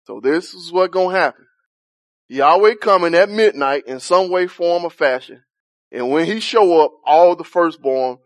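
A man's voice: fairly high pitch, no room sound, studio quality. A man leading an interactive Bible study, talking conversationally, questioning the group and laughing often.

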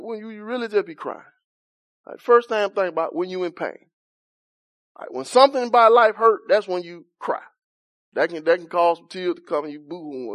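A man with a notably high voice leads a Bible study in a relaxed, colloquial preaching style. He builds his points by repeating phrases and drifting into personal stories. The sound is close and dry. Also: no room sound. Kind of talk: conversational sermon.

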